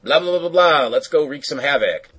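A man's voice: on the high side, animated, fairly quick, fairly bright tone, slightly rough, pitched above the performer's own voice. A man retelling a cartoon scene, playing a mysterious male villain who eggs two brothers on to wreak havoc. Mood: goading.

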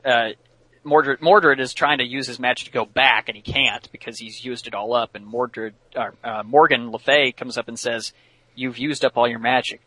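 Man, podcast host, chatty recap, bright voice, dry sound. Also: medium pitch, no room sound. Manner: chatty, many fillers, laughs while telling. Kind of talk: casual episode recap.

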